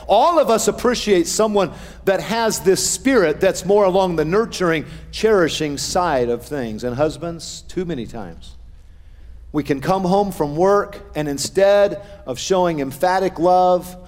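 A middle-aged male pastor preaching a sermon, with animated swings in pitch and loudness. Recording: long hall reverb.

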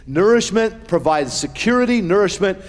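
Animated pastor preaching in a reverberant hall. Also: male voice, normal speed. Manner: animated preaching with wide swings in pitch and loudness. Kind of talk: sermon.

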